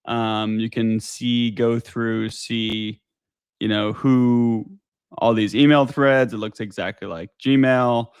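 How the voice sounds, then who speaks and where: A man co-hosting a casual podcast who lets his stories unfold at an unhurried crawl. His voice sits at an ordinary middle pitch, and he swears offhandedly. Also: steady tone, smooth, no echo, clean studio sound. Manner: laid-back, drawn-out storytelling with swearing. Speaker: podcast co-host. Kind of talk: casual chat.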